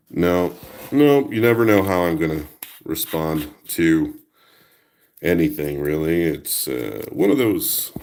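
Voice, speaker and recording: A man's voice: deep voice, measured pace, a little mellow. A man hosting a crafting video, chatting playfully and talking to himself while he works, humming little tunes now and then. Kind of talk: casual talk while crafting.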